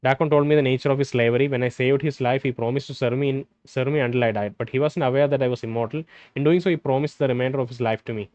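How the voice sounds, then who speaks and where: A man playing a role-playing game, reading its dialogue aloud and thinking out loud between lines. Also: medium pitch, fairly even intonation, racing, dry recording, lo-fi sound. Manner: hesitant, restarts and fillers, reads dialogue in plain voice. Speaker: gameplay streamer.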